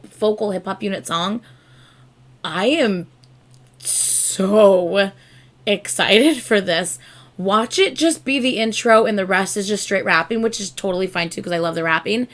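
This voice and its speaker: A woman hosting a casual music reaction, talking in an excitable, gushing way. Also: mid-range voice, measured pace. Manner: excitable, gushing, breaks into squeals. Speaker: reaction video host.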